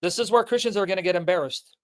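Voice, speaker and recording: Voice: mid-range voice, fast. A speaker in a played clip, emphatically and repetitively addressing his viewers. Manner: emphatic, repetitive, insistent, addressing the audience directly.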